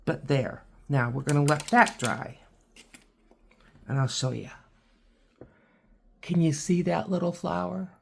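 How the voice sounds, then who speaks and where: A woman giving a relaxed watercolor tutorial, chatting and thinking aloud as she paints. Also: sits low, takes it slowly, vocal fry, long pauses, a little hiss or hum. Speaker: art teacher.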